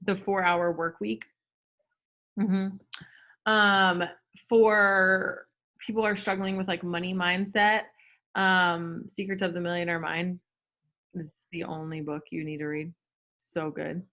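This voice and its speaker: A woman's voice: lowish voice, level tone, unhurried, pushed and bright. Chatty woman on a video call. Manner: chatty, lots of "like" and "um" fillers. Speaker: guest. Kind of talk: casual Zoom chat.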